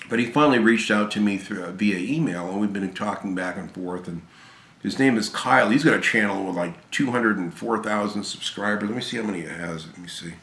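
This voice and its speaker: A tired, hoarse man chatting casually and gratefully about games he received, rambling with fillers and restarts. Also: lowish voice, fast, a bit bright, echoey room. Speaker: gaming channel host. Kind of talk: casual video chat about game pickups.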